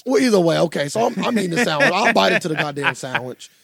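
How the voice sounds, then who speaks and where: A young man co-hosting a casual podcast, telling a story in an animated, profane way. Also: sits high, fast, creaky. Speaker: podcast co-host. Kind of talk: casual chat.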